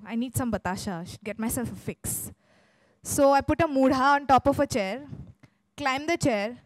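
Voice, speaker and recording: A woman tells a comic story on stage, animated and full of dramatic pauses. Her voice sits fairly high, and the sound is dry and close. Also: dry recording, poor audio.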